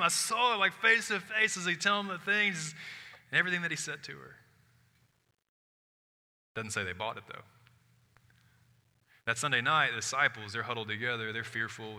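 Bright-voiced male pastor in a reverberant hall. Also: on the low side. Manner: dynamic, swings from loud emphatic to hushed and soft; conversational asides with "like". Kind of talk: sermon. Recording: long hall reverb of a church.

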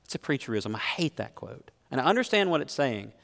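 A man's voice: mid-range voice, very animated, a little fast, gravelly, a bit bright. Earnest preacher man in a reverberant hall. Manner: earnest, questioning the congregation directly. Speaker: pastor. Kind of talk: sermon. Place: church sanctuary. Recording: long reverb of a large hall.

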